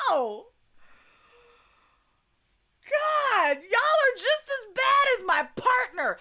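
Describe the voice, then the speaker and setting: A woman's voice: extremely high pitch, big pitch swings, takes it slowly, long pauses, pushed and bright. A young woman with a Southern US accent chatting casually on a live stream, laughing often and swearing freely. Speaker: streamer chatting with her chat.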